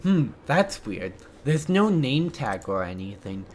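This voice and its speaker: A gamer reading every line of a visual novel aloud, with excited, stammering reactions between lines. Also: medium pitch, takes it slowly, a little hiss or hum. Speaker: let's play gamer.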